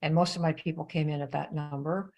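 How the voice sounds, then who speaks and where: An older woman coaching on network marketing in an animated, conversational live-stream talk. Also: deep voice, fairly quick, dull audio.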